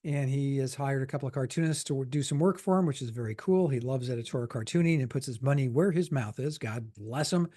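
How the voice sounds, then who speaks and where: A middle-aged man co-hosting a political podcast, wry and quick to correct and tease. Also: mid-range voice, warm tone. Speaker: podcast co-host, political cartoonist. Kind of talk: casual political chat.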